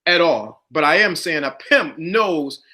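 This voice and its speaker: A man's voice: fairly high pitch, animated, unhurried, bright, forceful tone. A middle-aged man hosting a casual chat, speaking emphatically and repeating his key points. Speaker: podcast host.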